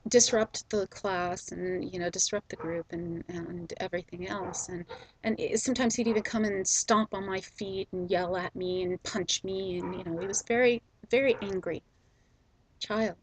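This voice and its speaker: A middle-aged woman hosting a spiritual video, telling a personal story in a soft, slow, gentle way with frequent ums. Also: mid-range voice, fairly even intonation, a little hiss or hum, poor audio.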